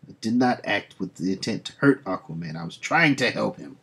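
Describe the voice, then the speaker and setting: An ancient male sea god speaking in solemn, archaic phrases, as a man reads his comic lines aloud. The voice is husky and lowish, grave and measured. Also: animated, a bit bright, heavily acted.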